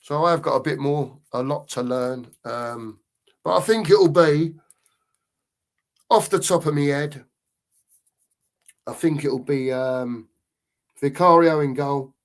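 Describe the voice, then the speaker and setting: A man's voice: on the high side, slow, pauses often. A middle-aged man talks loosely on a live fan stream and drifts between thoughts. He often stops to read out viewer comments, in an easy, rambling way. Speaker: fan channel co-host. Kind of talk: casual live-stream chat.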